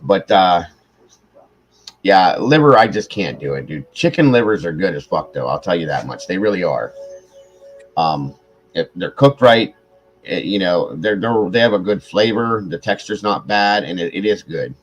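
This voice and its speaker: A livestream host with a very low, deep voice, tired after hours on air. He rambles through stories in loose, casual chat and swears freely. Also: expressive, normal speed, rough recording. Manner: rambling, profane storytelling.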